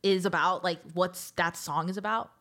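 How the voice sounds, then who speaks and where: A woman's voice: on the low side, steady tone, moderate pace, a bit bright. A woman co-hosting a casual podcast, explaining things in a chatty way full of "like" and "um.". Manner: chatty explaining, heavy use of "like" and "um". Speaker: podcast co-host.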